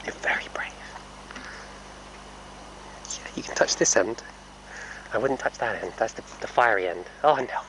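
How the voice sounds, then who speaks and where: A man training a horse, talking softly and coaxingly to the animal while explaining to viewers in a casual vlog. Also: on the low side, normal speed, slight background noise, low-quality recording. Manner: soft, coaxing talk to a horse, often hushed. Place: indoor horse stable area.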